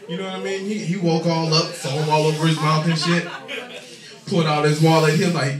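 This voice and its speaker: A man doing a profane, animated stand-up comedy set on a club stage, with shouted punchlines. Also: fairly high pitch, fairly quick. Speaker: stand-up comic. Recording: echoey club audio recorded from a distance. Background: loud crowd laughter.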